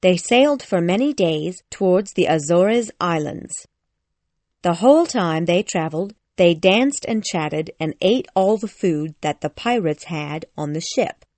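A woman narrating a graded reader audiobook in a slow, careful, clearly articulated way. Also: lowish voice, expressive, a little mellow, no room sound.

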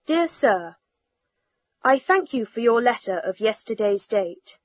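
Lady reading a lesson story real slow, clear careful words, kinda dull lo-fi sound. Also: a little high, no room sound. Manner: careful, clearly enunciated, lively for quoted dialogue. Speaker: reader of a language lesson text. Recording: dull, slightly lo-fi recording.

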